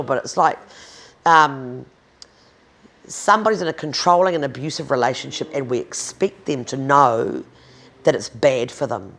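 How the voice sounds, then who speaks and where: A woman's voice: rumbling low, normal speed, a bit bright. A woman in her fifties with a New Zealand accent, speaking bluntly and emphatically in an interview, swearing freely. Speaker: interviewee, domestic violence advocate. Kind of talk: candid conversational interview.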